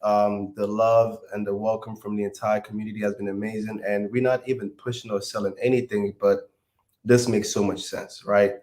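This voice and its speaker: A man speaking as a guest on a live stream, calm and even. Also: fairly low pitch, normal speed. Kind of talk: casual chat.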